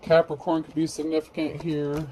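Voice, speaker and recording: A man's voice: fairly high pitch, monotone, normal speed, background noise. Rambling blunt man reading tarot. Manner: rambling, blunt, swears freely. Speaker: tarot reader.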